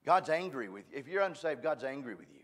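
A man's voice: mid-range voice, big pitch swings, fast talker, fairly bright tone. A man preaching a sermon at a church, folksy and emphatic, joking at his own expense. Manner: folksy, emphatic, self-deprecating. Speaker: guest preacher.

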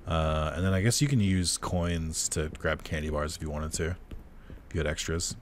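A man's voice: very deep voice, steady tone, normal speed, a little hiss or hum. A man giving casual let's-play commentary on a game, chatty and laughing, swearing freely at what happens on screen. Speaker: gameplay commentator.

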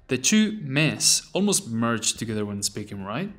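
A man narrating a language lesson, repeating phrases slowly and deliberately. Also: mid-range voice, big pitch swings, a bit bright, faint music behind. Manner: slow, deliberate repetition of phrases. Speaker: language teacher.

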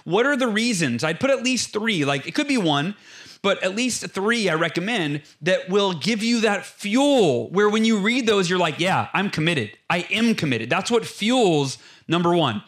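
A man speaking as an interview guest, explaining self-development steps in an energetic, emphatic motivational style and laying out numbered points. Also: high-pitched, measured pace. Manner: emphatic, acts out inner voices.

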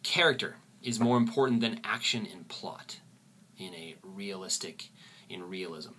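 A man teaching a literature lesson, often pausing and repeating words as he thinks. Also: lowish voice, pushed and bright, a little hiss or hum. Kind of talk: recorded lecture.

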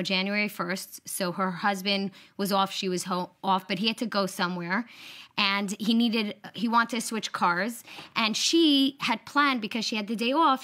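A woman's voice: mid-range voice, fairly bright tone. A woman guest on a talk show retelling a family story, acting out quoted lines with animation.

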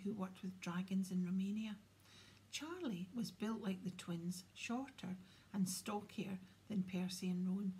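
A woman reading a children's novel aloud in a soft, half-whispered storytelling manner. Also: medium pitch, slight background noise. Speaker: audiobook reader. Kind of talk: storybook narration.

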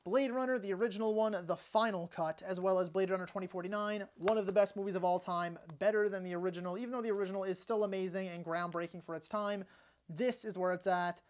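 A young man talking casually and enthusiastically through his movie collection, tossing out quick opinions and asides. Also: high voice, steady tone. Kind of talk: casual home video walkthrough.

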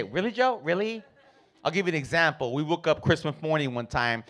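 A man's voice: mid-range voice, a bit bright, a little hiss or hum. A man doing stand-up comedy, telling profane family stories and acting out his relatives. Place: comedy club stage.

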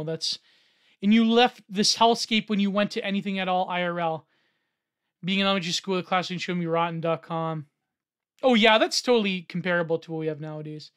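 A man reading out a social media thread and reacting to it in an excitable way. He laughs often and swings between low muttering and loud shouting. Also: clean tone. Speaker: online commentator.

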